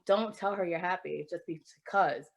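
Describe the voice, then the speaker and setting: A woman's voice: fairly low pitch, normal speed, creaky, dull audio. A woman co-hosting a podcast, talking openly and emotionally about happiness and swearing freely. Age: adult with a child. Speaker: podcast co-host. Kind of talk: candid casual chat.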